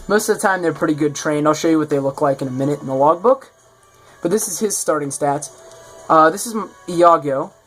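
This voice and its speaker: A man casually presenting his own game mod in a showcase, rambling and correcting himself as he goes. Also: on the high side. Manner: rambling, self-correcting, offhand.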